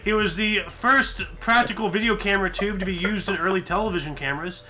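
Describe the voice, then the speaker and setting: A man hosts a loose, jokey group chat, reading out events from history. His voice sits high and sounds very bright. Soft music plays faintly underneath. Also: brisk. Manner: jokey, slips into a mock Australian accent.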